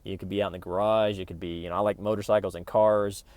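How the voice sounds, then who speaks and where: A middle-aged man with a fairly low voice talks to his channel viewers about spiritual growth. He is loose and conversational, cracks jokes and often restarts his sentences. The recording sounds close and dry. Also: fairly even intonation, fast, darkish tone, no room sound. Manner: conversational and joking, with frequent restarts. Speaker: YouTube channel host. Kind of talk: casual spiritual self-help talk.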